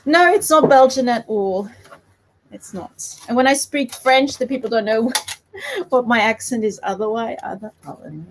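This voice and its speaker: A woman's voice: fairly high pitch, sing-song, normal speed, noisy background. A woman from South Africa with a light South African accent, giving a chatty, giggly live papercraft tutorial. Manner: chatty, giggly, self-deprecating. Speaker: papercraft demonstrator.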